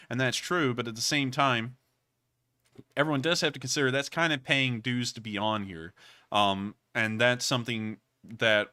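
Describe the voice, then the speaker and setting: A man's voice: medium pitch, pushed and bright, clean tone, no room sound. A man hosting a live news stream, talking in an earnest, rambling way and repeatedly thanking viewers for their support. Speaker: livestream news host. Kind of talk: casual livestream chat.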